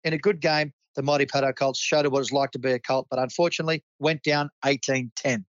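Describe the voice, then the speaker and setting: A man's voice: medium pitch, steady tone, quick pace, no room sound. Australian male club host, enthusiastic mate-to-mate delivery, dry lo-fi recording. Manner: enthusiastic, matey. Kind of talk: community sports club roundup.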